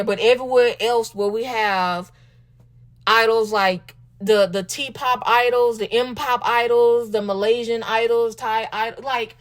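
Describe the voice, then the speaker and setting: A woman with a Southern US accent hosting a casual commentary talk show, sassy and animated, calling her listeners baby and y'all. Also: fairly high pitch. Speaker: podcast host.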